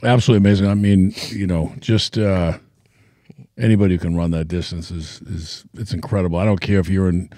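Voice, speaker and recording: A man's voice: deep voice, steady tone, fairly quick, dark tone, dry recording, studio quality. A man hosting a podcast, earnestly steering the casual talk. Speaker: podcast host. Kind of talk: casual chat.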